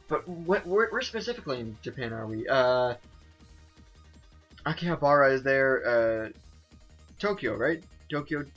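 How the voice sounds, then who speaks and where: A man's voice: mid-range voice, expressive, a little slow, pauses often, a bit bright, dull audio, faint music behind. A man talks through a video game as he plays, in a loose, rambling way. He pokes fun at himself, restarts his sentences and leans on "like" as filler. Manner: rambling and self-mocking, full of "like" and restarts. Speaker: let's play host. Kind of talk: casual game commentary.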